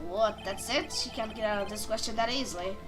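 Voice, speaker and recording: A woman's voice: mid-range voice, brisk, music in the background, pitched below the performer's own voice, natural voice. A woman voicing an earnest young male defense lawyer in a game, indignant and casual.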